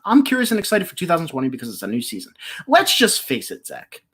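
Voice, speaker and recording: A woman in her twenties from the Philadelphia area, hosting a live stream and ranting about her team in a passionate, exasperated, yelling way. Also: sits low, huge pitch swings, fast, husky. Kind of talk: heated live-stream sports rant.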